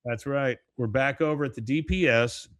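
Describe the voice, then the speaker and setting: A man's voice: medium pitch, moderate pace, no room sound. Chatty male podcast host, casual recap delivery, dry close sound. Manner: chatty, laughs often, many "uh" fillers.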